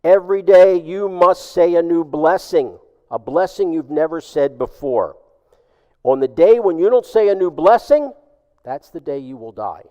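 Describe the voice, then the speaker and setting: A man voicing a mysterious ragged stranger who speaks calmly and ominously. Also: on the high side, unhurried, in a large hall.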